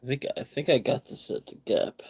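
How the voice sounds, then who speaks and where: A man talks to his vlog audience in a loose, rambling way. He repeats words and restarts his sentences as he goes. His voice sits at an ordinary middle pitch. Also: animated, a little fast, gravelly, a little mellow, slightly rough. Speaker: vlogger host. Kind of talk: casual vlog chat.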